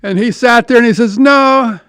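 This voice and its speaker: A man's voice: high voice, moderate pace, fairly bright tone, clear, resonant tone, no echo, studio quality. An older man hosting a podcast, telling rambling anecdotes in a casual monologue with frequent restarts and profanity. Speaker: podcast host.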